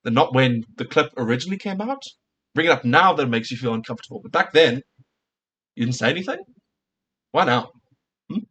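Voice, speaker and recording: A man ranting on stream, heated and full of swearing. He keeps firing rhetorical questions and answers them himself. His voice sits at a middling pitch. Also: expressive, fairly quick, pauses often, fairly bright tone, slightly rough. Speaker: streamer reacting to a clip. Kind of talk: casual reaction rant.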